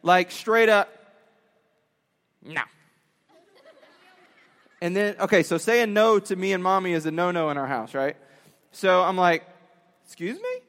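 A man, a father, telling a story to young listeners in an animated way, acting out quotes and laughing often. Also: sits high, moderate pace, long reverb tail, a faint crowd. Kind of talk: storytelling talk.

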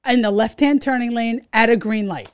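A middle-aged woman, co-hosting a podcast and telling a story in casual chat, animated, swearing and acting out voices. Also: a little high, brisk. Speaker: podcast co-host.

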